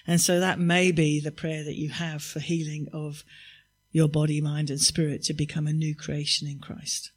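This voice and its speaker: A man, a pastor, gently encouraging the congregation to pray for healing at their tables. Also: a little high, monotone, normal speed. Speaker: pastor leading a healing service. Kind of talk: sermon.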